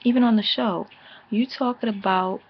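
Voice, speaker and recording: A woman with a low, gravelly, slightly husky voice gives a casual, profane recap of a reality show. She is blunt and sassy and now and then mimics the cast members in animated bursts. The sound is dull and lo-fi, like a home recording. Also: normal speed. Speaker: TV episode reviewer.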